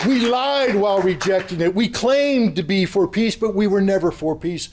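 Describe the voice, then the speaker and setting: A man giving an impassioned, blunt political speech at a convention, sometimes rising to a yell. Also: high voice, moderate pace, few pauses, some chatter behind. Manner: blunt, combative, rising to yelling. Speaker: convention speaker. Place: convention hall.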